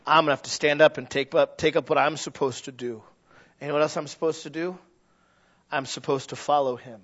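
A man preaching a sermon. His delivery swings from loud shouting to quiet, low asides, and he acts out the quoted voices of his listeners. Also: steady tone, fairly quick, muffled recording. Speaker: pastor.

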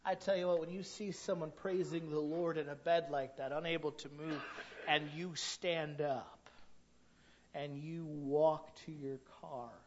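Folksy preaching man, slightly high voice. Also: fairly even intonation, unhurried, highs cut off. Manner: folksy storytelling with colloquial asides. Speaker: pastor. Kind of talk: sermon.

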